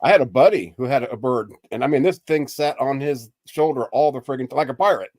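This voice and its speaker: A man's voice: medium pitch, brisk, darkish tone. Joking older man, slightly tipsy. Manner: joking, dry one-liners. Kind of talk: casual chat.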